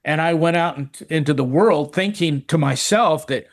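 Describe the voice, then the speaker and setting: A man's voice: a little high, normal speed, hardly any pauses. A middle-aged man telling a personal recovery story in casual chat, earnest, often repeating words and restarting. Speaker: recovery podcast guest.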